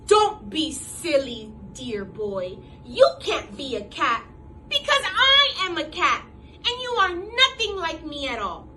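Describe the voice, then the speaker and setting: A woman's voice: high voice, big pitch swings, slow pace, pushed and bright, a little hiss or hum, exaggerated voice. A woman doing a pompous male lion in a storybook. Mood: haughty. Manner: haughty, lecturing.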